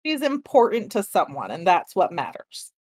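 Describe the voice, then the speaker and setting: A woman co-hosting a casual chat, teasing her partner with quick quips. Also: fairly low pitch, wildly swooping pitch, darkish tone. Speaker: podcast co-host.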